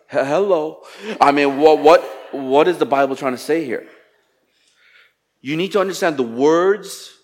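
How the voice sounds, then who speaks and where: A man preaching a sermon, reading scripture and explaining it in an animated way, acting out quotes with sarcasm. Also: a little high, normal speed. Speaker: pastor.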